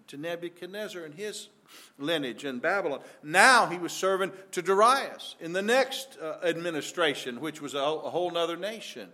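A man's voice: fairly high pitch, bright, forceful tone. An older man preaching a sermon in a folksy way, often repeating words and rising for emphasis.

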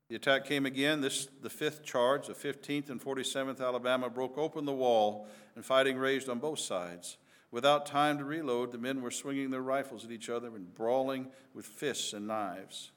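Guy telling a dramatic war story, emphatic, middle pitched voice. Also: normal speed, a bit bright. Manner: vivid, emphatic narration.

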